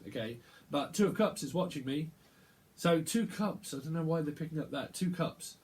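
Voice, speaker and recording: A man's voice: on the high side, lively intonation, darkish tone, a little hiss or hum. Man rambling through a tarot reading. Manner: rambling, halting, repeats words while channeling. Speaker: tarot reader.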